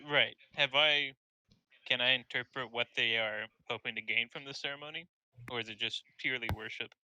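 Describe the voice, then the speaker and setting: A man playing a tabletop game, inquisitive and casual, asking question after question. His voice is very bright and smooth, and sounds dry and close. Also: medium pitch, fairly even intonation, normal speed, dry recording, poor audio. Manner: inquisitive, asks lots of questions. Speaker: player.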